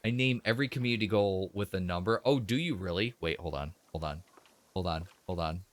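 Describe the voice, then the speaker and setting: A man's voice: low-pitched, brisk. A young man live-streaming a game, rambling to his chat in a casual, chuckling way.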